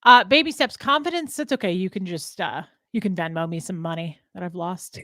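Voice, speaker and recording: A woman's voice: fairly low pitch, fairly quick, sharp tone, no echo, clean studio sound. A woman hosting a livestream, talking conversationally with her guest and laughing easily. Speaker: livestream host. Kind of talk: casual livestream chat.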